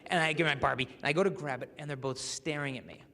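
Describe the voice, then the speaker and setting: A man with a fairly high voice gives a talk to a live crowd. He tells stories with lively energy and slips into the voices of the people he quotes. His voice rings with the long reverb of a large hall. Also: fast, slight background noise. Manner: lively storyteller who acts out the people he quotes. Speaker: speaker. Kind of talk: public talk to a live audience.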